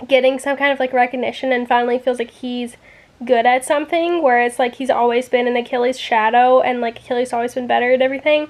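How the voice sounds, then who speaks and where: A woman talking casually in a reading-reaction vlog, full of "like" and openly emotional about the book, swearing when upset. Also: high voice. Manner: chatty, says "like" a lot. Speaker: book vlogger.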